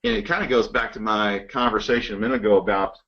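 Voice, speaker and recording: A man talking in a measured, reflective way during a casual business conversation. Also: fairly low pitch, steady tone, fairly bright tone, dull audio.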